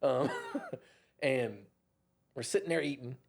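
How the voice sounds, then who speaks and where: A man, a dentist guest on an interview show, telling a story in a casual, animated way. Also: medium pitch, slow, gravelly. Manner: animated, acts out others' voices.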